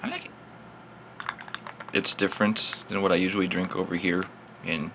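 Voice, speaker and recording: A man's voice: sits low, fairly even intonation, normal speed, fairly bright tone, slight background noise. A man, slightly tipsy, rambling casually through a beer tasting in his vlog and poking fun at himself. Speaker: beer reviewer.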